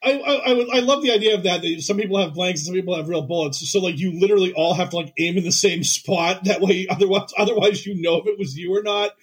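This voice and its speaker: A man's voice: sits high, fast talker, few pauses, breathy edge, low-quality recording. A man co-hosting a podcast in casual comedic chat, rambling with lots of "like" and acting out quotes. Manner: rambling, heavy use of "like", acts out quotes. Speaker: podcast co-host.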